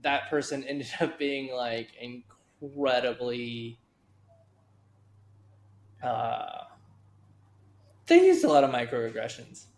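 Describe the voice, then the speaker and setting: A man hosting a podcast conversation, speaking in a relaxed and supportive way and laughing lightly. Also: mid-range voice, slow, pauses often, roomy sound. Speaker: podcast host, educator.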